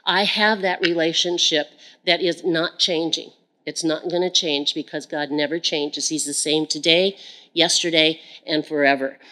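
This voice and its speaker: Woman bible teacher preaching, kinda low voice, earnest, keeps repeating lines and praying out loud. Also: fairly even intonation, measured pace, low-quality recording. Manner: earnest, turning to prayer aloud to God; repeats phrases for emphasis. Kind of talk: sermon.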